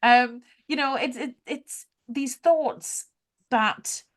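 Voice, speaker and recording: A woman co-hosting a podcast, chatting casually about spiritual ideas, animated and quick to laugh. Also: high voice. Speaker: podcast co-host.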